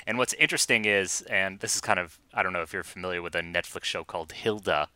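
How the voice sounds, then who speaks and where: A man co-hosting a casual podcast, joking and animated, filling his speech with "like". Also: sits low, fast talker, clear, resonant tone, dry recording. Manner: jokey, animated, lots of "like". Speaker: podcast co-host. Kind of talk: casual film discussion.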